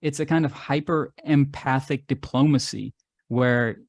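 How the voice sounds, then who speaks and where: A man's voice: mid-range voice, a little slow, gravelly, no echo. Male artist-guest who tells long, musing stories in a dry, close recording. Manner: expansive, philosophical storytelling. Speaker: regular podcast guest, artist and musician. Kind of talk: casual conversation.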